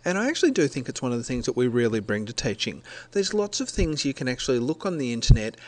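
A man's voice: mid-range voice, sing-song, fast talker. A middle-aged man from Australia, a teacher, giving a recorded presentation in a conversational way, correcting himself as he explains step by step.

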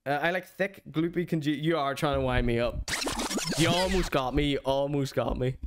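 A man's voice: a little high, normal speed, very noisy. A man hosting a streamed show, giving a mocking, theatrical comedic rant.

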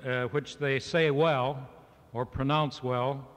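Male speaker, mid-pitched, mock-lecturing a live audience, long hall reverb on an old cassette. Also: fairly even intonation, takes it slowly. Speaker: speaker addressing a farm organization meeting. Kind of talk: humorous speech to a live audience.

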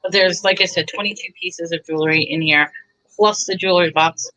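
A woman pitching bargains on a live stream in a chatty, bubbly way. Her voice is bright and forward, and she keeps talking up each deal as she shows the items. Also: fairly even intonation, a little fast, low-quality recording. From Texas. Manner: chatty, bubbly, pushes deals. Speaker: seller on a live online auction.

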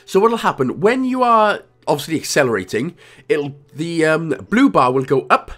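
A man's voice: a little high, very animated, moderate pace, a bit bright, faint music behind. A man with a Welsh accent talking through a video game walkthrough in a chatty, jokey way with self-mocking asides. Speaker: gaming guide creator.

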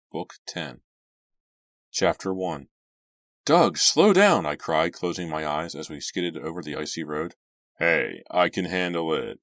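A man narrating a horror novel as an audiobook, friendly and measured. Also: sits low, no echo, studio quality. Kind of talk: reading a horror novel aloud.

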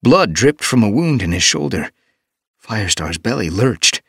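A man reading an audiobook as narrator, steady and measured. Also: lowish voice, husky, dry recording. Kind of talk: scripted narration. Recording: dry studio booth.

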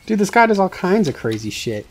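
Deadpan joking man gamer. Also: high-pitched, a little fast. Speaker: let's play co-host. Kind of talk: casual gaming chat.

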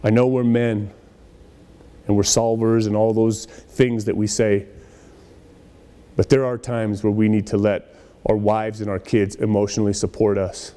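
Guy preaching in a big echoey church, mellow warm voice, chatty sermon. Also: on the low side, flat delivery, a little slow. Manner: conversational preaching with acted-out quotes. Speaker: pastor.

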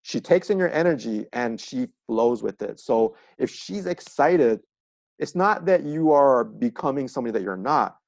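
A man's voice: medium pitch, expressive, normal speed, gravelly, no room sound. A man appearing as a coach guest on a podcast, explaining earnestly and with examples in a casual chat.

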